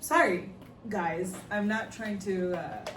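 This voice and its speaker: A woman's voice: medium pitch, slow, fairly bright tone, far from the mic. Laughing woman telling a story in an echoey room. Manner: acts out dialogue, laughs often. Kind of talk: casual storytelling. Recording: echoey room, voice from off-mic, faint noise.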